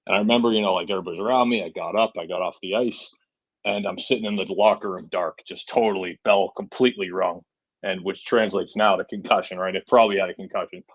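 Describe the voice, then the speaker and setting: Low-voiced rambling storyteller man. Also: fairly even intonation, quick pace, husky, no room sound, muffled recording. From Massachusetts. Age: 40s. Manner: rambling, full of "you know" and "right?". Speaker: podcast guest, truck driver. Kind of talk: casual storytelling.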